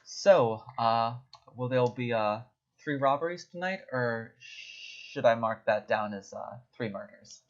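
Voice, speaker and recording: A man's voice: medium pitch, slow pace, natural voice. A man voicing a sneering male tiefling thug leader who taunts and threatens in a mocking tone. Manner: mocking, menacing. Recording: dull lo-fi recording.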